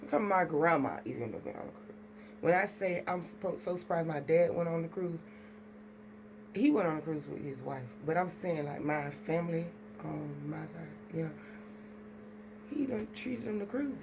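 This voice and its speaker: A woman's voice: low voice, expressive, moderate pace, gravelly, noisy background. A woman, talking casually and rambling straight to her viewers at home. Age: adult with children. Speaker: vlogger. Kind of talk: casual chat to camera.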